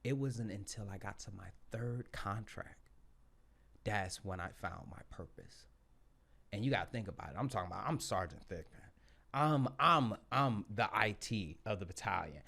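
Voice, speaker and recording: A man in his thirties telling his story as a podcast guest, blunt and profane, loud when excited and quiet when reflective. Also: lowish voice, normal speed, vocal fry. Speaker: podcast guest, Marine sergeant. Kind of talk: casual storytelling.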